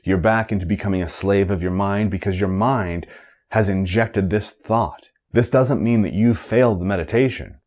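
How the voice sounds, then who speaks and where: A man with a deep, low voice teaching a candle-gazing meditation. He speaks in a calm, measured, instructive way, now and then chanting a short mantra.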